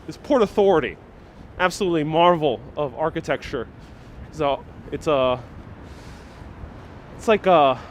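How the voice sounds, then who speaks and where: A man's voice: a little high, a little hiss or hum. Playful sarcastic man on a city street. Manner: sarcastic, playful, laughs often. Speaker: live-stream host. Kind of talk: joking live walking stream. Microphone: wireless lapel mic.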